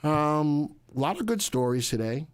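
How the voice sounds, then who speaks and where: A man's voice: fairly high pitch, big pitch swings, moderate pace, clean tone. A man hosting a live stock market stream, chatting casually, joking and rambling with asides to his crew.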